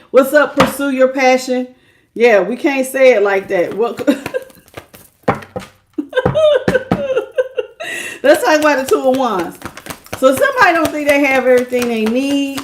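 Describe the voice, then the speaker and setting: A woman's voice: sits high, noisy background. A woman doing a casual live-stream tarot reading, chatty, greeting viewers by name and laughing often. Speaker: tarot reader.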